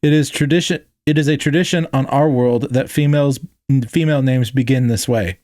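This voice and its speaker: A man's voice: medium pitch, brisk, darkish tone, dry recording, studio quality, natural voice. A man voicing a polite female alien team leader who speaks stiffly and formally. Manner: stiff formal speech without contractions.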